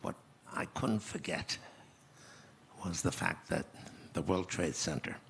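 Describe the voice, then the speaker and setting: Old guy in his 80s, low gravelly voice w a bright edge, reflective storytelling at a conference. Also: expressive, slight background noise. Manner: slow reflective storytelling with restarts. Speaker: guest speaker. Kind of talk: conference stage interview.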